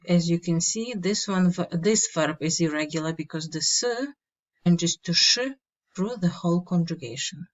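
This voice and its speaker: A woman teaching a slow, step-by-step grammar lesson, repeating each word and giving its meaning. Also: fairly low pitch. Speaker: language teacher. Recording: dull lo-fi mic.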